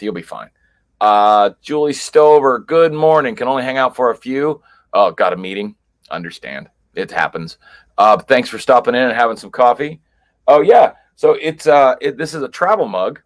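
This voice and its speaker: A man hosting a casual livestream, chatting and greeting viewers one by one in a rambling way with lots of fillers. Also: mid-range voice. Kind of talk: casual live chat. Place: chilly basement at home.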